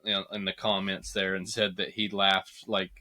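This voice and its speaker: A man on a podcast who calmly explains details in a matter-of-fact, casual chat. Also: low-pitched, normal speed. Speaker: podcast co-host.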